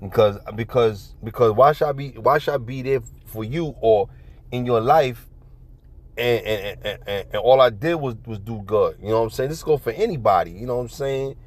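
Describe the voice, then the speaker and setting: A man's voice: medium pitch, moderate pace. A man rambling through a casual monologue, profane and repetitive, often laughing. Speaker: vlogger.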